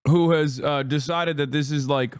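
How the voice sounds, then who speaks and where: A man's voice: a little high, steady tone, normal speed, clear, resonant tone. A man in his thirties giving sarcastic, combative stream commentary and swearing often.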